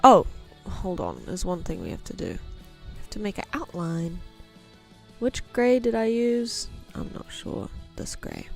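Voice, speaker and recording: A woman's voice: lowish voice, gravelly. Chatty New woman streaming as she draws. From New Zealand. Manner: chatty and self-mocking, muttering to herself while working. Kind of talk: casual live-stream chat while drawing.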